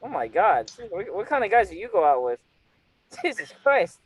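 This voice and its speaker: Male host, high voice, playful and teasing, close dry recording. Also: very animated, normal speed, no echo, low-quality recording. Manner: teasing, laughs often. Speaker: interviewer. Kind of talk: casual flirty chat. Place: California.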